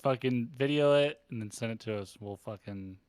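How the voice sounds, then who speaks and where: A man's voice: mid-range voice, normal speed, darkish tone, clear, resonant tone. A young man co-hosting a podcast, talking casually and swearing, often saying "dude". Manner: laid-back, swears, says "dude" a lot. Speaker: podcast co-host. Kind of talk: casual movie chat.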